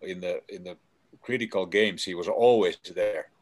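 A man telling stories in a casual chat, halting with many fillers and restarts. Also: low voice.

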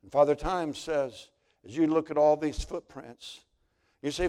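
A male pastor preaches in a dramatic, storytelling manner. His voice is smooth and clear, pitched slightly higher than most men's. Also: fairly even intonation, a little slow, darkish tone. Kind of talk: sermon.

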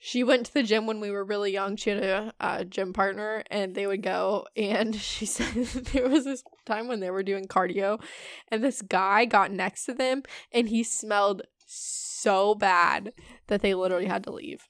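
A young woman co-hosting a casual chat, giggling and teasing with quick asides. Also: medium pitch, fairly even intonation, no room sound, studio quality. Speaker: podcast co-host.

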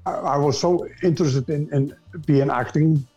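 An older man from Iceland with an Icelandic accent, a retired newcomer actor speaking English as a second language in a casual interview, halting and repeating words as he searches for them. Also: a little high, dark tone, breathy edge, muffled recording, soft background music. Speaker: guest actor.

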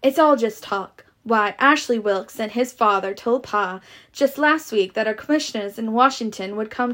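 Woman reading a bored spoiled southern belle, highish voice, drawl barely there. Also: natural voice. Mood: dismissive. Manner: read plainly with a half-tried drawl.

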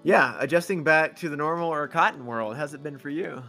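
A man's voice: a little high, fairly quick, pushed and bright, faint music behind. A man co-hosting a podcast in casual chat, with a dry, teasing manner. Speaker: podcast co-host.

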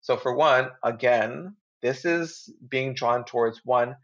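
A man's voice: mid-range voice, takes it slowly, lo-fi sound. A man talking as a guest astrologer in a casual podcast chat, earnest and heartfelt, with easy slang.

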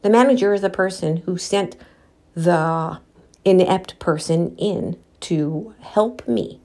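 A woman vlogger telling a personal story while out walking, candid and animated, quoting what people said and talking to her viewers directly. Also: fairly low pitch, takes it slowly. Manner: candid, animated retelling with quoted dialogue; addresses viewers directly as guys.

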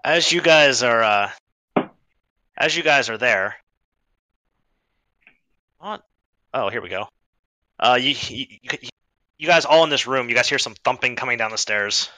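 A man acting as game master, narrating an online tabletop game in a lively way with quick restarts. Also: mid-range voice, no echo, rough recording.

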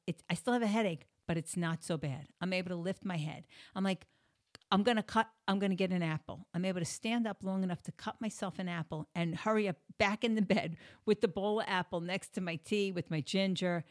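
A middle-aged woman, a yoga therapist, telling a personal story casually and acting out the dialogue with sudden loud bursts. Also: fairly low pitch, fairly quick. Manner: animated, acts out dialogue with big swings in loudness.

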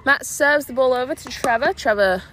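Young woman, high voice, bright tone, quick giggly play-by-play, outdoor court. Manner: fast, giggly, chatty. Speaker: amateur game announcer. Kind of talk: playful play-by-play commentary.

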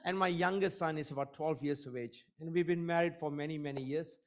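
A man's voice: a little high, a little fast. A middle-aged man preaching as a guest, praying fervently and repeating God at the end of phrases, then telling joking, self-deprecating stories about his family. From Eurasian, half Portuguese half Indian. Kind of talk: sermon with prayer and personal stories.

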